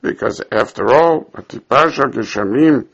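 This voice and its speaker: A man's voice: medium pitch, normal speed, vocal fry, a bit bright, husky, lo-fi sound. A man teaching a Talmud class who reads passages aloud, explains them in English, and acts out the quoted speakers. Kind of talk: Talmud class, reading and translating.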